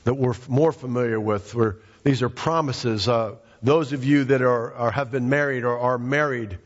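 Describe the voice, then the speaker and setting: A pastor preaching a sermon, emphatic and repetitive, calling out members of the congregation by name. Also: male voice, mid-range voice, moderate pace, big-room sound, highs cut off. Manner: emphatic, repeats phrases, addresses congregation by name.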